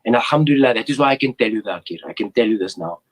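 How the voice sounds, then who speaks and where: A man in his forties speaks at an ordinary middle pitch. He tells heartfelt stories in a relaxed interview chat. His delivery is earnest and warm with feeling. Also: racing, rough recording. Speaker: former goalkeeper, interview guest.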